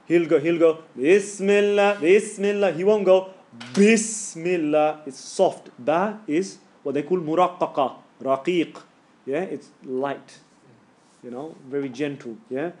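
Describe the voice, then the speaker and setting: A man's voice: on the high side, measured pace, a little mellow. A man teaching Quran recitation to a class, casually, with slang, repeating each letter sound to demonstrate it. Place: classroom with students.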